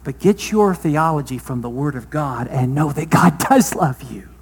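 High-voiced man preaching a sermon. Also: animated, moderate pace, slightly rough. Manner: preaching, voice swelling loud then dropping soft; rhetorical questions to the congregation. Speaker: pastor.

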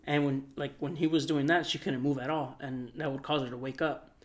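A man telling a long story on a casual podcast, rambling and soft-spoken, with lots of filler words. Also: medium pitch, steady tone, brisk. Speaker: podcast co-host.

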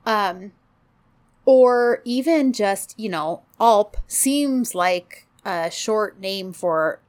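A woman's voice: medium pitch, lively intonation, very slow. A woman co-hosting a casual chat, talking loosely with many fillers and little laughs. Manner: chatty, many fillers and laughs, quotes characters. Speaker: podcast co-host.

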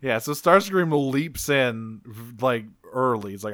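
A man recaps a cartoon episode for a podcast in loose, profane, animated storytelling. His voice is bright and crisp, with a smooth clarity. The sound is dry and close, with no room to it. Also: medium pitch, a little slow, no room sound. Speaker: podcast co-host.

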